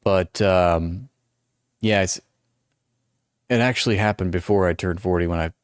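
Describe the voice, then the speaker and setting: This is a man in his forties running a livestream, chatting in a rambling, self-mocking way full of restarts. His voice sits low and is unhurried, clear and resonant, recorded cleanly in a studio with no room sound via noise-canceling headphones.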